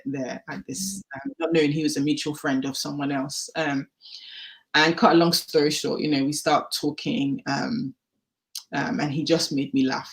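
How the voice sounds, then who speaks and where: A woman telling her personal story as a podcast guest, candid and animated, acting out the dialogue she recalls. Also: deep voice, creaky. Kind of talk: personal testimony in a podcast interview.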